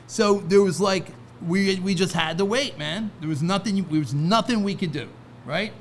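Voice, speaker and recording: A man's voice: high-pitched, moderate pace, a little hiss or hum. A man talking casually as a podcast guest, rambling with many restarts and "right?" asides. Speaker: guest, record label founder. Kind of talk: casual interview talk.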